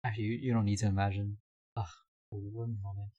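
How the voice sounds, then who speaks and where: A hoarse young man streaming live, chatting casually, reading his chat aloud and laughing often. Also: fairly low pitch, little pitch movement, fast, highs cut off, soft background music.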